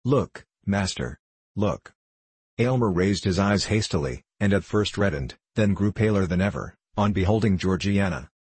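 Low husky male narrator. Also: a little mellow, no echo. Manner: measured, formal storytelling. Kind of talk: audiobook reading of classic fiction.

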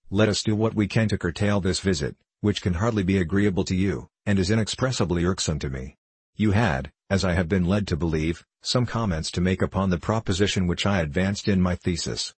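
A man's voice: deep voice, slightly rough, no echo. A man voicing a sarcastic, blustering older professor in an audiobook reading. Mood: scornful. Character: irascible older male professor, short and powerful.

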